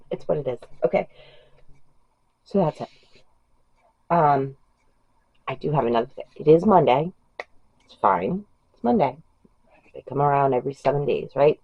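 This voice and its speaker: A woman vlogger chatting about books in a rambling, gushing way. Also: a bass voice. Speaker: book vlogger. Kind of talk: casual chat about books. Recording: dull lo-fi home recording.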